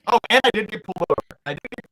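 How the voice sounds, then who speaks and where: Guy with kinda high voice telling a story, deadpan, swears, casual podcast. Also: very fast. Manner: deadpan, profane anecdote-teller. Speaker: podcast co-host.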